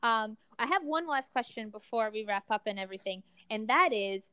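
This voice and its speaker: Woman, podcast host, upbeat chat, higher voice, smooth tone. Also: animated, a little fast, sharp tone, no room sound, low-quality recording. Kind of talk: casual interview.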